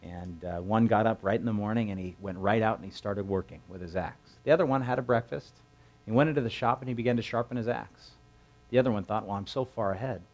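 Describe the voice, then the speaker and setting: Low-voiced man preaching a sermon. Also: fast talker. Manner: conversational storytelling with animated quoted voices. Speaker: pastor.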